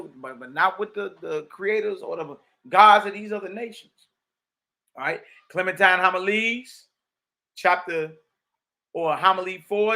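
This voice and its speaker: A man's voice: sits high, sharp tone. A man giving a livestreamed religious teaching, preaching emphatically in a streetwise way and reading old texts aloud. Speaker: Bible teacher.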